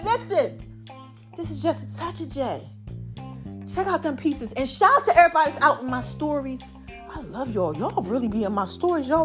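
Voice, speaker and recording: A woman hosting a casual faith podcast, talking to her listeners in an animated, preachy way and a little out of breath. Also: high voice. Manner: animated, preachy, calls listeners y'all and child. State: a bit out of breath. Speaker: podcast host.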